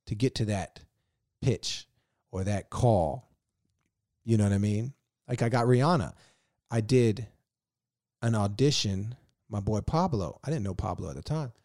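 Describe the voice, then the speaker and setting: A man from Virginia telling animated stories as a podcast guest, cursing freely in casual chat. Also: on the low side, a little slow, gravelly, long pauses, dry recording, clean studio sound. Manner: animated, profane, laughing storyteller. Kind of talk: casual storytelling.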